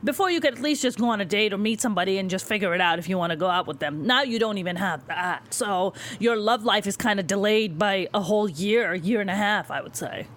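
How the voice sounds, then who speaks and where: A woman chatting casually on a podcast, telling stories in a brash, profane, animated way. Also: mid-range voice, fast talker, few pauses. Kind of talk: casual chat.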